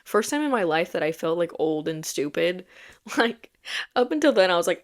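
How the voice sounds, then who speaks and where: Chatty young woman, low-pitched. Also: brisk. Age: young adult. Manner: chatty, self-mocking, animated storytelling with frequent laughs and dropped whispers. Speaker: podcast host. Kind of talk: casual storytelling podcast.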